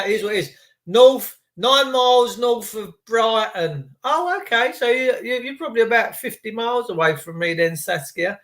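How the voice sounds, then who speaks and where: A rambling, chatty man with a high-pitched voice, hosting a casual live stream. He talks loosely and teasingly, greeting his viewers one by one. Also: a bit bright. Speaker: livestream host.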